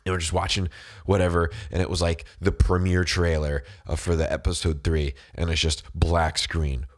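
A man's voice: deep voice, level tone, moderate pace. A man with a cold, chatting casually to camera in a rambling, slangy way, full of "dude" and "bro". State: has a cold, voice deeper than usual.

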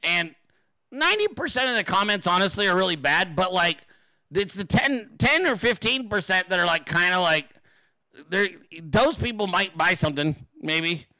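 A man's voice: sits high, lively intonation, moderate pace, sharp tone, no room sound. A man hosting a political commentary show, swearing often and laughing as he mocks people. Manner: profane, mocking, laughing. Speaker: host.

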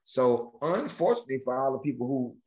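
A man, a guest comedian, telling stories in casual chat, animated and riffing. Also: mid-range voice, a little fast. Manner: animated, riffing, jumps into bits.

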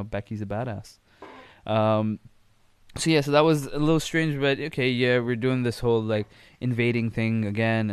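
A man's voice: medium pitch, smooth, dry recording. A young man hosting a wrestling podcast on his own, talking bluntly and casually with plenty of swearing and mock-quoted reactions. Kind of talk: casual solo podcast recap.

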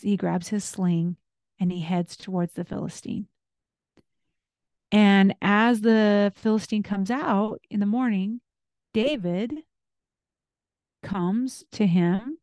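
A woman's voice: mid-range voice, dark tone, no echo, studio quality. A woman hosting a faith podcast, retelling scripture stories in a casual way with asides and fillers. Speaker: podcast host.

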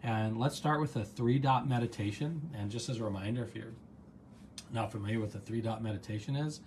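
Leading a live online gratitude practice as host and coach, this man keeps things casual, chatty and upbeat, reads out comments from viewers, and wanders off into tangents. His medium-pitched voice is a little mellow and fairly quick, with slight hiss or hum in the recording.

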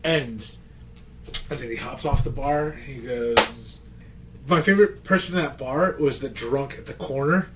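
A man co-hosting a podcast in an excitable, swearing casual chat as he retells movie scenes. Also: mid-range voice, a little slow, very noisy. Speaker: podcast co-host.

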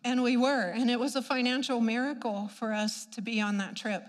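High-voiced woman telling a story in a reverberant hall. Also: moderate pace. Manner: animated, acts out quoted voices, laughs at herself. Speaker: church speaker giving a testimony. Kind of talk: storytelling testimony to an audience. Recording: long reverb of a large hall.

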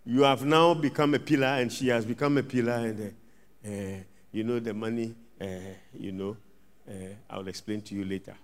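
A man preaching a sermon as pastor, swinging from loud outbursts to hushed asides and acting out little scenes. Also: medium pitch, steady tone, normal speed. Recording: long reverb of a large hall.

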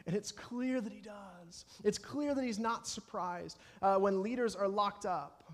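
A man's voice: high voice, a little slow. A man preaching a sermon as pastor, talking in an earnest way and acting out anxious prayers. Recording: long hall reverb.

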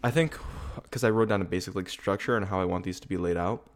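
A young man with a fairly low voice gives loose, chatty commentary, swearing freely and breaking into laughs. He drifts off topic and circles back with a lot of filler. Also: quick pace. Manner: rambling, swearing, laughing often. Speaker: video podcast host. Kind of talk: casual rewatch commentary. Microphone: camera setup.

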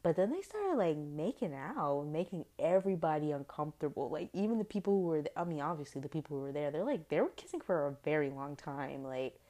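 A woman's voice: low voice, big pitch swings, fairly quick, few pauses, dark tone. A young woman hosting a podcast, chatting casually about a TV episode with lots of fillers and exaggerated reactions. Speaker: podcast host. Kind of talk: casual TV recap chat.

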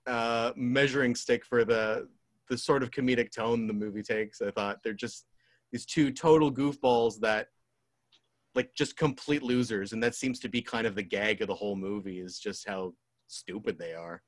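A man of middle pitch on a podcast, talking loosely and at length. He pauses often on "um" and "like" while he gathers his thoughts. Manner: rambling, full of "um" and "like". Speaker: podcast co-host. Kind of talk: casual chat about movies.

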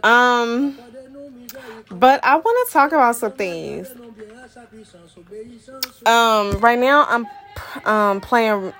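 A woman's voice: a little high, very slow, long pauses, fairly bright tone. A young woman talking loosely and casually to her followers, using lots of slang and fillers, slightly out of breath. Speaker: Vodou practitioner and spiritual mentor. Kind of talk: casual vlog talk to viewers.

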